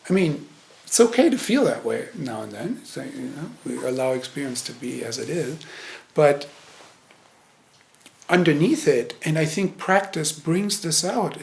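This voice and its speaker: Casting: male Zen teacher, slightly high voice, halting and reflective delivery, echoey meditation hall. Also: gravelly, darkish tone. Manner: hesitant, searching, many restarts. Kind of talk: meditation talk.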